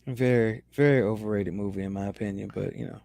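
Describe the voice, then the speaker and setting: A man on a podcast, chatting casually and telling stories in an animated, opinionated way. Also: lowish voice, fast, gravelly, dry recording. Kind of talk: casual chat.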